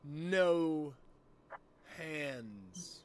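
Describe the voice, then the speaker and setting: A man's voice: fairly high pitch, lively intonation, drawn-out words, clear, resonant tone. A young man casually commentating a gaming stream, rambling and joking with heavy swearing.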